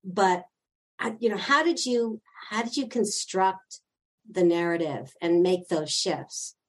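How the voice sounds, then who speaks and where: A woman's voice: medium pitch, slow pace. An older woman, herself an actor, interviewing a guest with curious, probing questions. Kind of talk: conversational interview.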